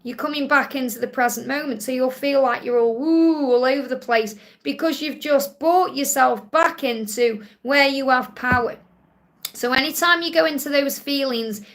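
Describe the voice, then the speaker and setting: A woman's voice: high-pitched, gravelly, fairly bright tone, slight background noise. A woman with a Stoke-on-Trent accent hosts a live question-and-answer stream as a spiritual reader, speaking in a soothing, reassuring way and often checking in with "okay?". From England.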